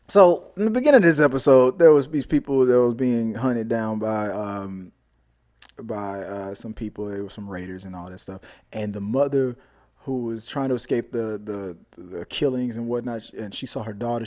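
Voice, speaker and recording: A man hosting a casual TV episode recap, talking in an animated way, repeating himself and acting out scenes. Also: medium pitch. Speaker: show host, TV reviewer.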